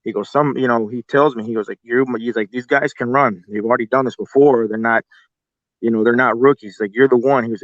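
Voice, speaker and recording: A man's voice: medium pitch, no echo, dull audio. A man telling a long story casually, cursing freely and acting out what people said. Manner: profane, rambling, quotes people as he goes. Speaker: guest telling an encounter story.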